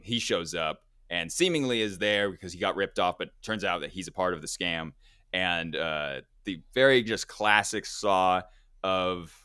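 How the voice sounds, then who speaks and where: Man, podcast host, casual movie chat, rambling with fillers, smooth resonant voice. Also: sits low, pushed and bright, no echo, studio quality. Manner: rambling, self-correcting, many fillers.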